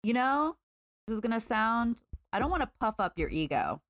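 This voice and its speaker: A woman's voice: fairly high pitch, very animated, normal speed, fairly bright tone, no room sound, studio quality. A woman co-hosting a podcast in casual chat, upbeat and chatty with many fillers. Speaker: podcast co-host.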